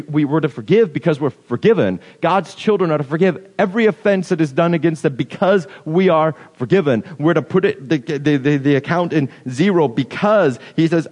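In a large hall, a man with a slightly high, darkish voice delivers a conversational sermon, voicing the imagined objections of those listening.

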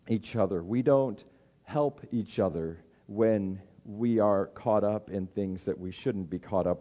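A middle-aged man preaching a sermon, conversational and often restarting his words, acting out inner voices in a raised pitch. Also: dark tone. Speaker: pastor.

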